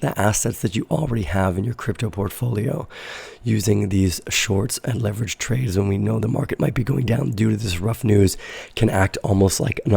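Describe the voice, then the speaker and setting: Raspy-voiced sick man streaming live. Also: lowish voice, dry recording. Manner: relaxed, rambling with fillers. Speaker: crypto trading livestream host. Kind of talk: casual livestream market analysis.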